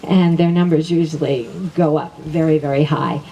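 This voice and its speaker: A woman's voice: deep voice, steady tone, normal speed, dark tone, lo-fi sound. A middle-aged woman teaching a class, leading spoken affirmations and repeating each phrase twice in an upbeat way, laughing often. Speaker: wellness teacher. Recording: voice from a distance with faint background noise.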